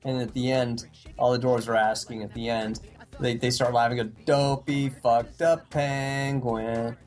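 A man's voice: mid-range voice, little pitch movement, brisk, faint music behind. A man co-hosting a casual comedy podcast, telling jokes with dry, teasing banter. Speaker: podcast co-host.

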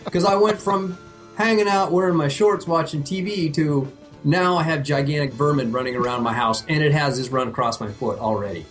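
A man co-hosting a podcast, telling a story in a casual, comedic way, animated and profane, laughing at himself. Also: fairly high pitch, brisk, faint music behind. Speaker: podcast co-host.

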